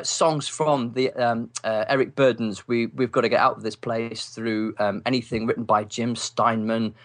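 An English man, a writer and podcast guest, telling wry stories from his youth in a relaxed interview, with lots of ums. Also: mid-range voice. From England. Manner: animated, wry storyteller with many ums and laughs. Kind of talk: casual storytelling interview.

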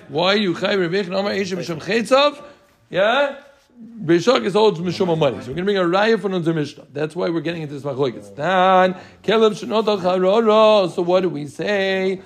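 High-voiced man teaching a Talmud class. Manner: explains with Yiddish-inflected Yeshivish terms, quizzes students.

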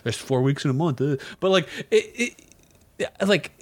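A man's voice: a little high, lively intonation, normal speed, dry recording. A man in his twenties hosting a podcast, wry and rambling as he talks. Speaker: podcast host. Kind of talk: casual podcast chat.

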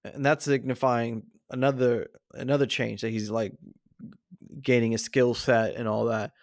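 A man's voice: mid-range voice, flat delivery, moderate pace, no echo, clean studio sound. A man co-hosting a podcast, chatting casually about movies with plenty of fillers and restarts. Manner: acts out movie quotes in shifting voices, rambling with fillers. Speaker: podcast co-host.

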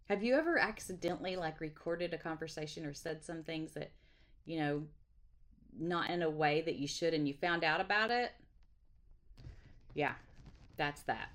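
A woman's voice: on the low side, measured pace, pauses often. A middle-aged woman, hosting a casual devotional livestream in a chatty, folksy way with frequent laughs. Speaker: devotional host. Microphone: webcam or phone livestream.

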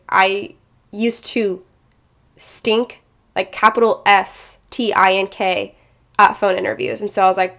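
A young woman chats straight to her viewers, telling a personal story at a middle pitch. She talks in a loose, animated way, with lots of fillers and quick asides. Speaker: teacher.

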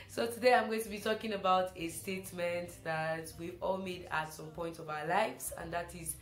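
A young woman from Africa hosting a casual spoken reflection, chatty and animated, repeating phrases for emphasis. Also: on the low side, moderate pace, echoey room. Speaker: host.

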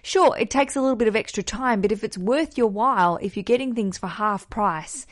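A woman's voice: medium pitch, a little fast. An Australian woman hosting a podcast, talking in an upbeat, playful and self-deprecating way. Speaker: podcast host. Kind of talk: chatty podcast monologue.

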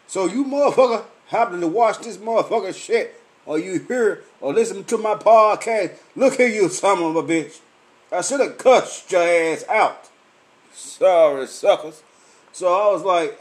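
On a late-night live chat from home, a tipsy man rambles and swears freely, his voice animated and a little slow. He hosts a podcast and Facebook live, and his loose, boisterous delivery lurches from low mumbles to loud outbursts.

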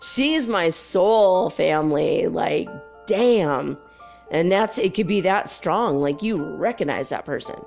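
A woman's voice: on the low side, animated, slow, gravelly, a little mellow, soft background music. A middle-aged woman in casual chat, swearing freely and telling stories with animation. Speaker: spiritual vlogger.

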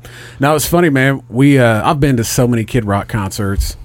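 A man's voice: mid-range voice, brisk, no room sound. Male podcast host, middle-aged, profane storyteller, dry booth sound. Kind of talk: casual chat.

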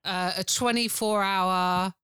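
A woman's voice: mid-range voice, fairly even intonation, takes it slowly, bright, forceful tone, clean tone, dry recording. A woman in casual podcast chat, blunt and sweary, often laughing.

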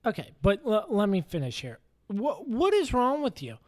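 A woman's voice: mid-range voice, wildly swooping pitch, moderate pace, a little mellow. A woman co-hosting a sports podcast, opinionated and fond of rhetorical questions. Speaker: co-host. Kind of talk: casual sports chat.

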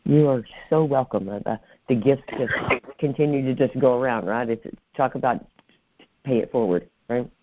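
A man's voice: mid-range voice, normal speed, phone-quality sound, noisy background. A man hosting an interview podcast, speaking effusively and often adding "right?" to his points. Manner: effusive, warm thanks, repeats "right?". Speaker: podcast host. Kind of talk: casual interview chat.

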